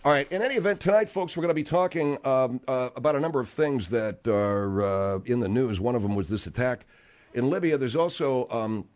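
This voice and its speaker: A man's voice: mid-range voice, lively intonation, a little fast, a little mellow. A middle-aged male talk show host with a voice that swoops up and down as he talks. He rambles through his explanations with plenty of fillers, and his voice sounds slightly strained. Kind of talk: casual talk show chat.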